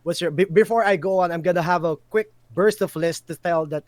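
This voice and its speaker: A high-voiced man speaks as a guest in a casual live-stream interview. He sounds playful and teasing and giggles often. His voice is dry and close, with no room around it. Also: a little fast, dry recording.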